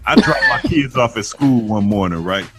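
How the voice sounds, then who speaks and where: A man's voice: on the low side, animated, normal speed, a bit bright, faint music behind. A man hosting a podcast, telling stories in casual, profane banter and laughing a lot. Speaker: podcast host.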